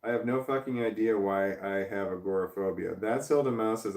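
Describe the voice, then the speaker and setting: A man's voice: lowish voice, a little mellow, recorded from a distance. Rambling man reading live chat. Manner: rambling, halting, frequent restarts. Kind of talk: casual livestream chat. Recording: roomy, off-mic sound.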